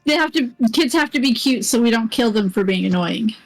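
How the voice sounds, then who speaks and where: A woman's voice: a little high, lively intonation, brisk, no echo, poor audio. A woman reacting during a tabletop game in casual chat, often giggling. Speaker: player.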